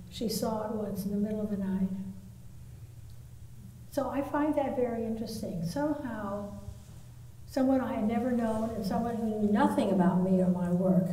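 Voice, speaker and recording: A woman artist telling a long story in a live talk, pausing often with fillers. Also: medium pitch, dark tone, a little hiss or hum. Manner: anecdotal, with pauses and fillers. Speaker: artist interviewee. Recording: echoey hall, mic from far off, faint ambience.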